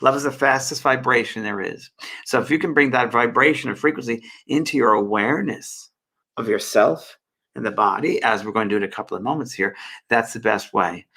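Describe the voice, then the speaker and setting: A man hosting a live spiritual session, answering viewers' questions in a gentle, rambling way. His voice has a gravelly texture and a bright, forward tone. He stops often with fillers and restarts his thoughts. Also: mid-range voice. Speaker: spiritual medium and host. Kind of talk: live online Q&A and guidance.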